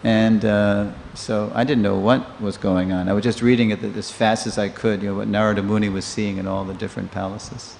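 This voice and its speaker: A man in his sixties giving a storytelling scripture class in a temple, a lively teller who acts out the people he quotes. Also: on the low side, fairly quick, gravelly, few pauses. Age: 60s. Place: temple hall. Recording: long reverb of a hall, faint noise.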